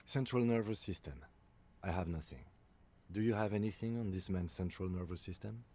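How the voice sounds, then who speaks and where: A composed police lieutenant in a video game, his voice very deep and mellow. He speaks in a measured, dry, clinical way, unhurried and precise. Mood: calm clinical. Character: calm, methodical male police lieutenant.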